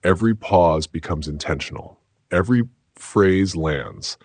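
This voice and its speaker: A man giving scripted self-help narration in a slow, measured, declarative way. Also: sits low, darkish tone, breathy edge, dry recording.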